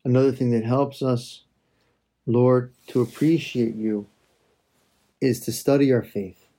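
A man speaks a slow, reflective prayer meditation in a mellow, darker voice with a slightly husky edge. He talks with soft pauses, turning from prayer to gentle teaching. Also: medium pitch, steady tone.

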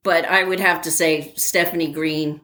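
An older woman in a casual interview, telling an animated story with many fillers and laughing at herself. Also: low voice, moderate pace. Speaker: interviewee, former academy track athlete.

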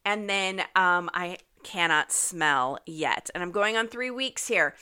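Brief: upbeat woman podcast host, slightly nasal and getting over an illness, bright and clear. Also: lowish voice, animated, takes it slowly. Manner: chatty and upbeat, frequent ums. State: recovering from illness, occasional cough. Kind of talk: casual podcast monologue.

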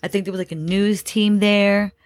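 A woman's voice: medium pitch, steady tone, moderate pace, dry recording. A woman host telling a dramatic personal story, repeating phrases and using many fillers. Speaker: podcast host.

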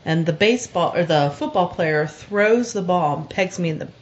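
A woman's voice: fairly low pitch, lively intonation, normal speed, a little hiss or hum. A woman co-hosting a podcast, telling a story in frank casual chat with fillers and swearing. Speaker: podcast co-host. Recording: dull lo-fi recording.

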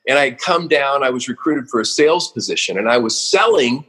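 Husky-voiced man telling earnest stories. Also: medium pitch, lively intonation, brisk, a bit bright. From Oregon, USA. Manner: earnest, emotional storyteller with many restarts. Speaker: guest, company founder. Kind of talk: storytelling interview.

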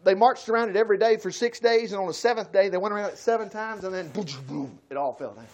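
A man teaching a Bible study sermon in a folksy way, acting out quotes with sudden loud outbursts. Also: high-pitched, quick pace, dull audio. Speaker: preacher.

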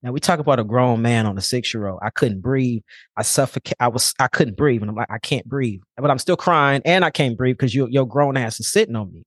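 Young man, podcast guest, blunt, casual, swears, middle-pitched, dry close sound. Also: fairly quick, no room sound. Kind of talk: candid personal storytelling.

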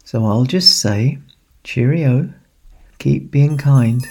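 A man speaking as Santa, telling a children's story in a playful, animated way and asking the listener questions. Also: mid-range voice, slow, gravelly, slightly rough.

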